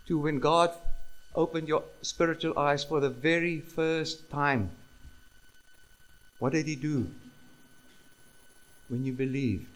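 A male preacher delivering a sermon in a voice pitched a little above the usual. He talks emphatically, repeats key phrases and keeps asking his listeners questions. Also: rough recording.

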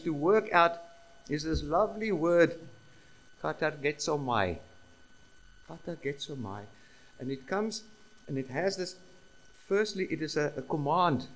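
A man's voice: on the high side, lively intonation, a little slow, pauses often, low-quality recording. A man preaching a sermon, emphatic, repeating key phrases and asking the listeners rhetorical questions.

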